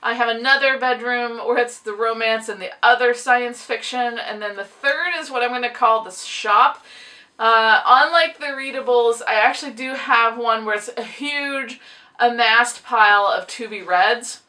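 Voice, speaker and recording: A woman's voice: a little high, normal speed, sharp tone, far from the mic. A woman chatting casually to camera about her books, rambling and laughing often while chewing gum. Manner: chewing gum, audible clicking. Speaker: book vlogger; teacher of a book publishing class.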